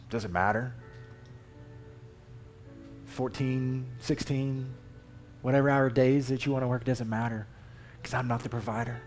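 A man preaching a sermon in a conversational, emphatic way, reading Scripture aloud with animated inflection. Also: medium pitch, moderate pace, soft background music. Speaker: lay preacher. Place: church.

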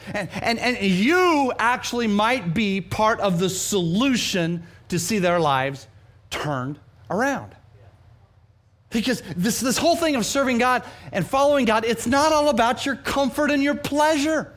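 A man from New Mexico, a pastor, preaching a sermon with animated, humorous storytelling and self-deprecating asides. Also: extremely high pitch, measured pace. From New Mexico, USA.

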